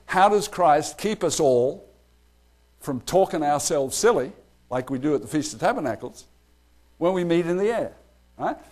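A man leading a casual Bible study, chatty and animated, laughing often and acting out quoted lines. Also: fairly high pitch.

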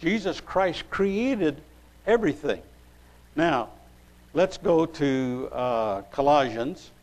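A man preaching a sermon, reading scripture aloud and pausing as he looks up verses. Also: a little high, animated, darkish tone, low-quality recording. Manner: unhurried, pausing while looking up verses.

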